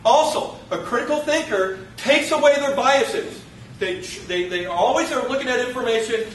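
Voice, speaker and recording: A man teaching a college class in a lively, joking lecture, acting out what his students say. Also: high voice, roomy sound, distant mic, slight background noise, poor audio. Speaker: college instructor.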